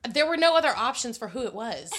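A woman's voice: on the high side, fairly bright tone. Laughing, blunt mother telling stories. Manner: laughing, blunt, swears freely. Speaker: podcast co-host, mother. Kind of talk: casual storytelling chat.

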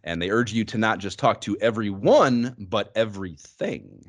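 A man's voice: fairly low pitch, normal speed. A man co-hosting a podcast, chatting casually and rambling, laughing often as he talks. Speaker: podcast co-host. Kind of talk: casual chat about a retro game.

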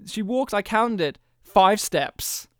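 Retelling a movie with her podcast co-host, this woman laughs a lot and mimics the characters in lively, casual storytelling. She speaks slowly in a mid-range voice, with studio-quality sound and no room sound.

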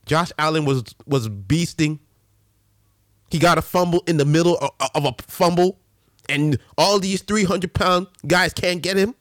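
A man hosting a casual sports rant, animated and full of slang and restarts. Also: on the high side, no room sound, studio quality. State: a little winded. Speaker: sports show host.

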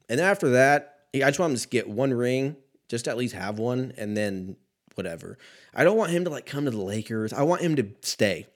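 Thirties dude rambling about hoops, swears a lot, laughs at himself, pretty laid back. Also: male voice, fairly low pitch. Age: 30s. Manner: rambling, profane, laid-back, self-mocking. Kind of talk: casual solo sports rant.

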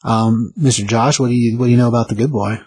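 An easygoing man hosting a casual chat. He talks quickly in a husky voice with a dry sound. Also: medium pitch, steady tone, darkish tone, no echo. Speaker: podcast host.

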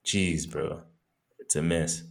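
Rumbling low and slow-paced, the young South African man holds a steady tone. He co-hosts a podcast in easygoing, slang-heavy casual conversation peppered with swearing.

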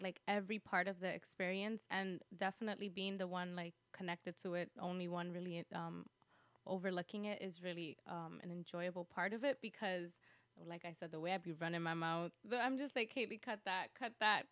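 A woman's voice: medium pitch, steady tone, brisk, a bit bright, no echo. A woman guest on a podcast, chatting casually, laughing often and filling her sentences with "like". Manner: chatty, giggly, lots of fillers like "like".

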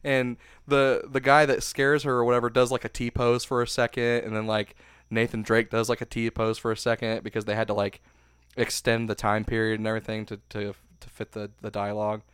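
A man with a smooth, clean voice chats casually with friends, telling a meandering story and trailing off with loose fillers. His voice sounds close and dry, with no room around it. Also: mid-range voice, monotone, brisk, fairly bright tone, dry recording. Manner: rambling storyteller, trails off with "or whatever". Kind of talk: casual chat.

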